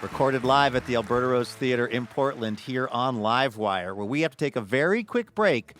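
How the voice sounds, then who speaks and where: A man's voice: medium pitch, lively intonation, brisk, a bit bright. Upbeat male radio host, music behind. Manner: upbeat, smooth announcer delivery. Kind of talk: scripted radio hosting.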